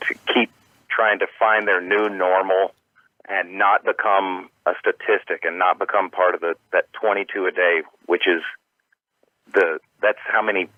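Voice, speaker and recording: A man's voice: deep voice, dry recording. A male comedian calling in by phone, slightly out of breath, speaking earnestly and from the heart. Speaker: comedian guest. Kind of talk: phone interview. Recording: tinny phone line.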